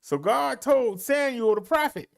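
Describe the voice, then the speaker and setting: A male minister leads a Bible study with slow, deliberate phrasing. His voice swoops up and down to drive each point home, and he talks straight to his listeners in a folksy way. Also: very high-pitched, animated, vocal fry. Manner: slow, emphatic delivery with long pauses and swooping emphasis.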